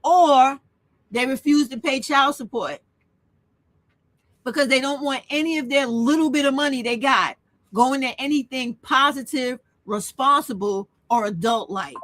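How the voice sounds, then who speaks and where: A woman's voice: sits high, a little slow, a bit bright, no room sound. A woman hosting her own channel, delivering a blunt, profane, emotional monologue. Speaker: channel host. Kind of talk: impassioned monologue rant.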